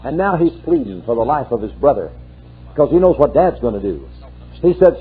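A man's voice: mid-range voice, big pitch swings, brisk, husky, faint music behind. A man preaching a fervent sermon, breaking in with hallelujahs as he retells a scripture story. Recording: tinny lo-fi archive sermon tape.

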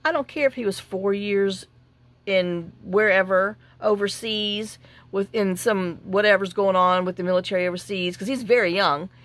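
A woman's voice: mid-range voice, moderate pace, a bit bright. A woman telling a long, indignant story in a casual vlog, full of restarts and acted-out dialogue. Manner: chatty and indignant, with many restarts and quoted dialogue. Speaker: journaling vlogger.

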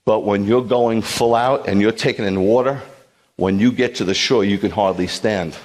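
Lower-voiced man preaching in an echoing hall. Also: normal speed. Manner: animated, joking asides, acts out quotes. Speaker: rabbi. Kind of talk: sermon. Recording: long hall reverb.

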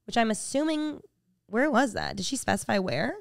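A young woman co-hosting a podcast, telling stories in casual chat with quick asides. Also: on the high side, wildly swooping pitch, dry recording, clean studio sound. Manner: chatty storyteller, quick asides and laughs. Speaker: podcast co-host.

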